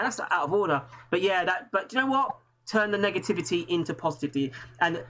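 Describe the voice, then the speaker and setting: A man's voice: sits high, bright, forceful tone, low-quality recording. An English man hosting a live stream, talking earnestly in a rambling way with many restarts. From England. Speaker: host. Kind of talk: casual live-stream chat.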